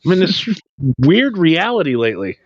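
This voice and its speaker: A man's voice: fairly high pitch, wildly swooping pitch, moderate pace, no echo. A man co-hosting a casual podcast, rambling in a laid-back, loose and profane way. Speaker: podcast co-host. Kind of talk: casual stoner podcast chat. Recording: slightly dull lo-fi sound.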